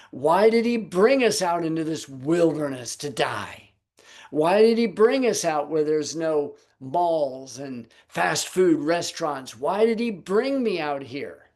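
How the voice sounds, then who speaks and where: A man's voice: on the high side, big pitch swings, measured pace, a little mellow. A man voicing a self-pitying Israelite from the wilderness who grumbles and complains with exaggerated sighs, heard over a video call. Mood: whining.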